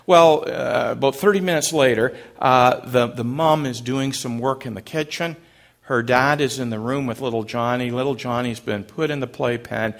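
Gravelly-voiced middle-aged pastor. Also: male voice, mid-range voice, normal speed. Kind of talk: sermon.

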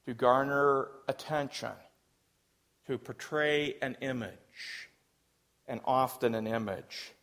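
A man preaching a sermon as pastor, emphatic and leading his congregation in call and response. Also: medium pitch. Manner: emphatic, rising to loud peaks.

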